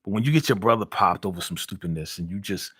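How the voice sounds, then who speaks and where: Animated man hosting a live stream. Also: sits low, fast talker, breathy edge, no echo, clean studio sound. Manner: animated, heated rants, reads viewer comments aloud. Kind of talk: casual live-stream reaction chat. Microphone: studio podcast mic.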